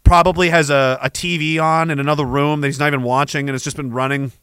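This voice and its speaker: A man's voice: on the high side, steady tone, quick pace, fairly bright tone, smooth, no echo, clean studio sound. A man from Canada rambling through a sarcastic, profane comedic rant, laughing between his thoughts. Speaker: vlogger.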